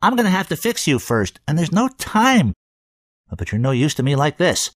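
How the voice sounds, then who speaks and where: A man voicing a high, shrill comic character with a cartoonish sound who talks pushy and urgently. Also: sing-song, moderate pace, no echo, clean studio sound.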